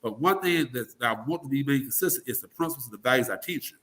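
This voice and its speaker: Speaking fast in an expressive, mid-range voice with a fairly bright tone, this man offers opinionated interview commentary as a political guest. A talk radio personality, he is blunt and forceful, curses a lot, and mimics the people he quotes.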